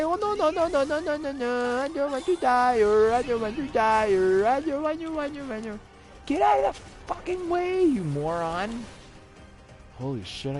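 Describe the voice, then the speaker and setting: A man's voice: very high-pitched, expressive, measured pace, faint music behind. A man giving crude, profane let's-play commentary, ranting at the game and sometimes going mock-dramatic and sing-song. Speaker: gameplay commentator.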